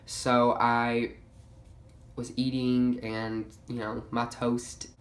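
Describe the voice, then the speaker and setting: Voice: mid-range voice, monotone, extremely slow. Chatty young vlogger in a roomy echo. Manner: chatty, heavy on "like" fillers, swears freely. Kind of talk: casual storytime monologue.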